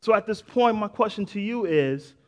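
A man's voice: high voice, lively intonation, moderate pace. A middle-aged male pastor preaching a sermon in a casual, conversational way, often saying "man" and "right?", with restarts and sudden bursts of emphasis.

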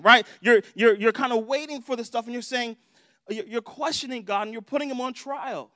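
A man's voice: extremely high pitch, moderate pace, sharp tone, no echo, clean studio sound. A young adult man preaching a sermon in a conversational way, acting out prayers in different voices. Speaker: pastor.

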